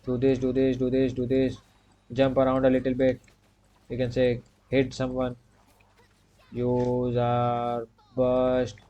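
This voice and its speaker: A man talks casually over his own gameplay in a mellow, relaxed voice. He steps himself through each move with short repeated commands and fills his pauses with the same stock phrase. The sound is dull and lo-fi, like a cheap home mic. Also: mid-range voice. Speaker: gaming streamer.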